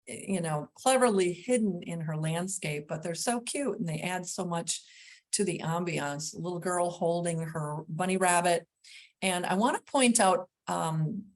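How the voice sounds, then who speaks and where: A middle-aged woman presenting a gardening class, narrating slides in a chatty way with frequent ums and restarts. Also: fairly low pitch.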